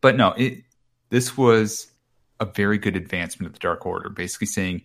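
Deep-voiced man recapping casually. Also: fairly quick, gravelly, a bit bright. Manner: rambling, profane, paraphrases promos. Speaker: podcast co-host. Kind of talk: casual wrestling recap chat.

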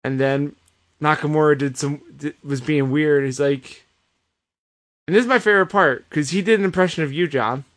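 A man co-hosting a podcast, giving an animated casual recap with plenty of swearing. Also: a little high, moderate pace. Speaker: podcast co-host. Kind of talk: casual chat.

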